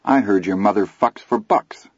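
A man reading the part of a tough twelve-year-old boy in an audiobook, speaking quietly, steadily and tauntingly. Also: on the low side, normal speed, husky, no room sound. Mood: defiant. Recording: slightly muffled recording.

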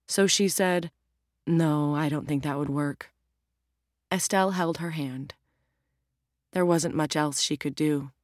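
A woman narrates an audiobook in an even, measured way. Her voice is on the low side for a woman. The recording is close and completely dry. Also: no echo. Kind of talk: scripted narration.

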